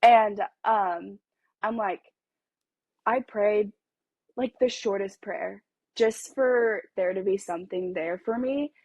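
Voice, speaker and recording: Animated young woman, dry close mic. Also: mid-range voice, slow, breathy edge, dry recording. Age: young adult. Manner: animated, acts out quoted dialogue, laughs often. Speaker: podcast guest. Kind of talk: storytelling in casual chat.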